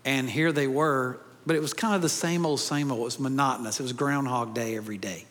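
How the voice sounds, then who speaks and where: A man's voice: mid-range voice, fairly even intonation, a little fast, fairly bright tone, in a large hall. A man preaching a sermon to a congregation, with a conversational manner and joking asides. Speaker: pastor. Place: large church hall.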